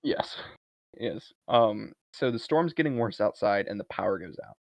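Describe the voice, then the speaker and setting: A man co-hosting a podcast, retelling a film's plot in a casual, animated way. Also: lowish voice, normal speed, creaky, no echo. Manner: animated retelling, briefly acting out lines from a film. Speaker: podcast co-host. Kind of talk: casual movie recap chat.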